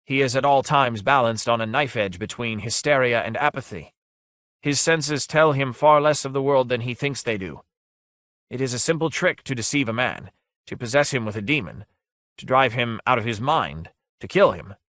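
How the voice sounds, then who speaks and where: A man reading aloud, voicing a haggard male sorcerer who explains things gravely. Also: mid-range voice, normal speed, fairly bright tone, dry recording, voice pushed up, lightly acted.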